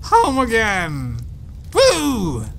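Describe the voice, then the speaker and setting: A man voicing a drunk, clingy young woman cat who keeps apologizing, in a high, sing-song reading of game dialogue. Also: bright, forceful tone, slight background noise, poor audio. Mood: giddy. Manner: reads in a high, sing-song voice with drawn-out words.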